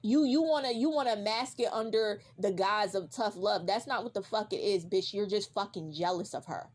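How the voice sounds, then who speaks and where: A woman vlogger with a medium-pitched voice and moderate pace rants casually in reaction to something. Heated and swearing, she repeats herself for emphasis and speaks directly to the character.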